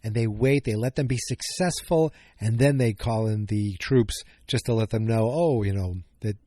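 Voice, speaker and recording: A man's voice: lowish voice, moderate pace, warm tone, dry recording, studio quality. A man hosting a podcast, recapping an episode in a casual, rambling way, often correcting himself and cracking jokes. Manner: rambling, self-correcting, jokey. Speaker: podcast host.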